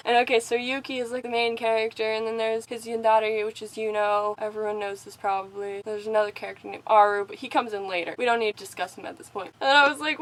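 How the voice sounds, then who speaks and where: A young woman vlogger telling a story casually, animated and giggly, with lots of fillers. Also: high-pitched, a little fast, hardly any pauses, no echo, low-quality recording.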